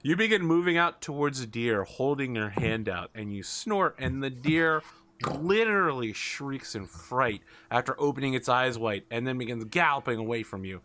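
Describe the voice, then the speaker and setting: A man's voice: medium pitch, lively intonation, normal speed, pushed and bright. A man narrating as game master for a tabletop game, playful and teasing with his players.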